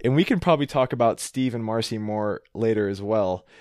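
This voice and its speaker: A man co-hosting a casual podcast chat about a TV show, relaxed and talkative, often repeating his words. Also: fairly low pitch, brisk, no echo, studio quality. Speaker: podcast co-host.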